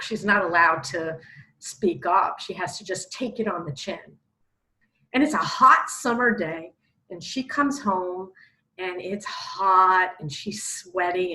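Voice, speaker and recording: A woman, a spiritual teacher, giving a casual spiritual talk with animated, expressive storytelling. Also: fairly low pitch, measured pace, rough recording.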